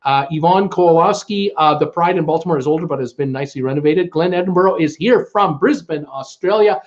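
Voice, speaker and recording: A man's voice: a little high, a little fast, highs cut off. A man with a Canadian accent hosting a live stream, greeting viewers and reading their comments aloud, chatty and stumbling over names. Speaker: livestream host.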